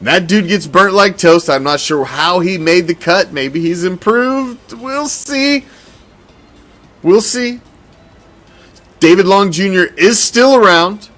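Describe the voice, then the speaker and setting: A man hosting a casual sports commentary show, talking in an animated, profane, rambling way. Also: high-pitched, unhurried, hardly any pauses, soft background music. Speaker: host.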